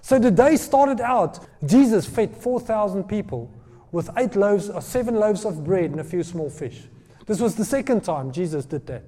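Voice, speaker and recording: High-voiced preacher in an echoing hall. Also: male voice, normal speed. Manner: animated storytelling, acts out scripture voices. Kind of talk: sermon. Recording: long hall reverb.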